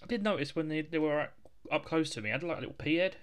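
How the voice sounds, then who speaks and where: A man with an English accent in easy conversation. He keeps his replies brief and slips in dry jokes, sounding relaxed throughout. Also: a little high, fast, clean tone. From England. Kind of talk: casual chat.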